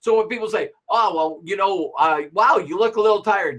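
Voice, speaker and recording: A man's voice: high-pitched, lively intonation, normal speed, few pauses, a bit bright. A middle-aged man giving a motivational talk, acting out little dialogues and laughing as he goes. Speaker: motivational speaker.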